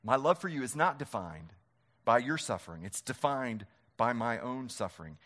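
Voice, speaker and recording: Lively, animated preaching man. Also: mid-range voice, moderate pace. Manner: impassioned preaching, rising and falling with emphasis; repeats phrases for emphasis, leads congregation in reading. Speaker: pastor. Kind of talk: sermon.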